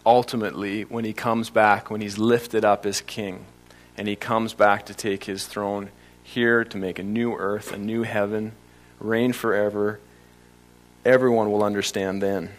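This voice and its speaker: A man preaching a sermon, stressing key phrases and slowing down to drive points home. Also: on the low side, flat delivery. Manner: emphatic, varies pace for stress, slows on key phrases.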